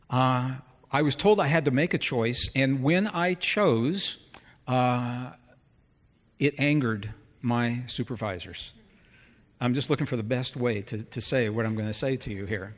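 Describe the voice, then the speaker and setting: A middle-aged man telling a personal story to a live audience in an earnest way, often asking the listeners rhetorical questions. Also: medium pitch. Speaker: speaker. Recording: long hall reverb.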